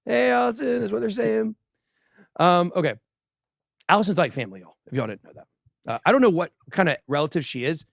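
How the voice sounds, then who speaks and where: Man, livestream host, boastful joking banter, slightly high voice, dry close sound. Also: expressive, a little fast, gravelly, pauses often, dry recording. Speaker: host of a crypto news livestream. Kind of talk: casual livestream commentary.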